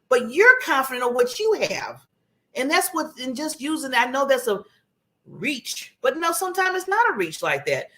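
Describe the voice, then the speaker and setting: A woman hosting her own talk show, giving a motivational talk in a conversational, animated way and acting out contrasting voices. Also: on the high side. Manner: conversational, laughs at herself.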